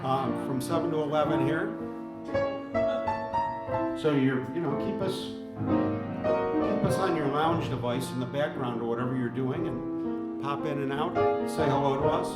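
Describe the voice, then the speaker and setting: A man's voice: on the high side, a little slow, pauses often. A man hosting a live lounge show from the piano. He chats casually, jokes and laughs easily. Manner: jokey, chatty, laughs easily. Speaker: show host and lounge pianist. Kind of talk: casual live-stream chat. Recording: echoey room with faint piano music.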